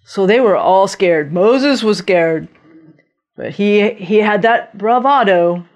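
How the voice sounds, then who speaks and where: A woman preaching a sermon, telling Bible stories in an animated way and acting out the voices of the people in them. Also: mid-range voice, slow pace. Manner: animated storytelling, acting out voices of biblical figures.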